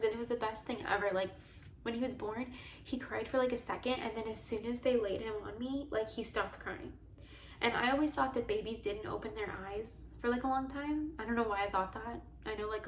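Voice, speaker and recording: A woman's voice: on the high side, reverberant, slight background noise, rough recording. A young woman telling a personal story to camera in a chatty, earnest way, often saying "like". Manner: chatty, heavy use of "like", earnest and emotional. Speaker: vlogger.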